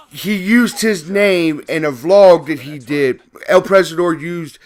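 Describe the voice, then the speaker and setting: A man with a bright, edgy voice delivers loose gameplay commentary as a YouTuber. He rambles, swears freely and gets heated as he makes his points. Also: mid-range voice. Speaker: gaming YouTuber. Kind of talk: casual ranting commentary.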